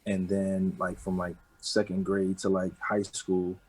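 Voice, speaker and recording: A man in his thirties with a New York accent, talking casually and rambling a little in a relaxed interview, dropping street slang. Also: sits low, unhurried, poor audio. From the Bronx, New York. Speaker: rapper, interview guest.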